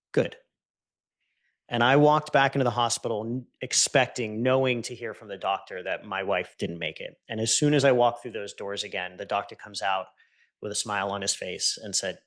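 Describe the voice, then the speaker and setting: A man, a podcast guest, recounting a painful personal story in an earnest, intense way, dropping soft and low when he quotes what was said. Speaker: podcast guest, entrepreneur and coach. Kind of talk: emotional personal storytelling in conversation.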